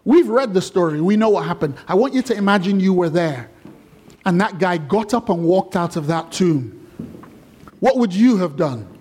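A male pastor delivers a sermon in a high, bright-toned voice. He is animated and chatty, often breaking into asides and joking with the congregation. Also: moderate pace, a little hiss or hum. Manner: animated, conversational, playful.

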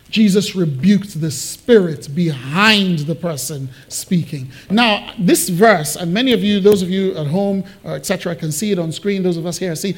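Animated high-voiced male preacher. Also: breathy edge. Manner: animated, acts out Bible quotes with big pitch swings. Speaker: pastor. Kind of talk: sermon. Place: church hall.

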